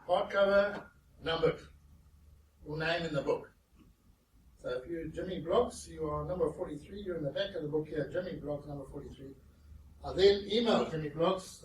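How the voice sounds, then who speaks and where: A man giving a humorous storytelling talk as a guest speaker, animated and lively. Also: fairly high pitch. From South Africa. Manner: animated, acts out other people's voices in his anecdotes. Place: meeting venue with an audience. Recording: roomy echo, distant mic, noisy background.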